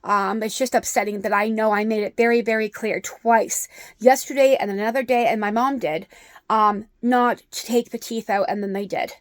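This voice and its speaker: A woman's voice: a little high, steady tone, moderate pace, no room sound. A middle-aged woman telling an upsetting personal story in a vlog, rambling with many ums. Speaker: vlogger.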